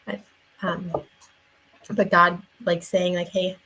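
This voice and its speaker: A woman's voice: mid-range voice, fairly even intonation, measured pace, creaky, a little hiss or hum, rough recording. A young woman giving a casual devotional talk in an earnest, conversational way, with many fillers and restarts. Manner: earnest, shares personal story. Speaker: faith vlogger and parent.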